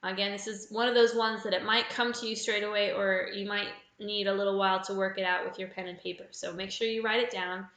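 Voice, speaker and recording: A woman's voice: mid-range voice, fairly even intonation, a bit bright, echoey room, rough recording. Australian woman hosting a pub quiz. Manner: reads clues slowly and repeats them. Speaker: quiz host.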